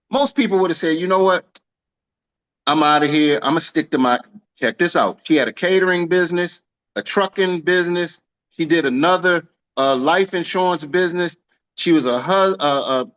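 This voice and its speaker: A man giving a casual celebratory speech on a video call, telling a lively slangy story and acting out the dialogue. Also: sits high, rough recording. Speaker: team leader honoring an agent.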